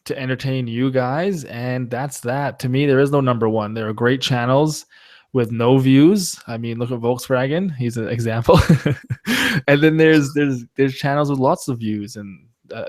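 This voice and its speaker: A man's voice: medium pitch, steady tone, moderate pace, darkish tone, no room sound. A man hosting a casual live-stream chat, joking around, laughing often and reading out viewer comments.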